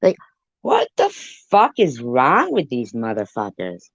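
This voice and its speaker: A woman's voice: rumbling low, huge pitch swings, unhurried, vocal fry, breathy edge, dry recording. A woman livestreaming a heated, profane rant, snapping back at people in her chat. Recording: dull lo-fi stream audio.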